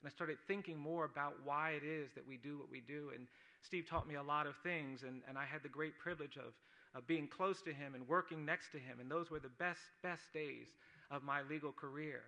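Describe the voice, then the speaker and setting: At an awards dinner, another lawyer speaks earnestly and personally to the audience, stacking up his arguments through repetition. His voice is fairly high, steady and sharp, and he speaks fairly quickly.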